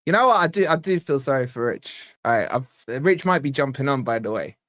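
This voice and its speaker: Worn out from too little sleep, a young football fan channel host banters brashly and excitably on a live stream, mocking as he goes. He has a medium-pitched voice and a brisk pace, recorded in studio quality with no room sound.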